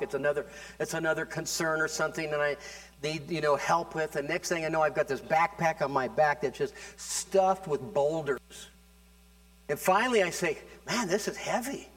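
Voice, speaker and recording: A man preaching a sermon, talking casually with restarts and building to fervent, louder passages. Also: a little high. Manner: conversational, with repeated words and restarts. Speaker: pastor.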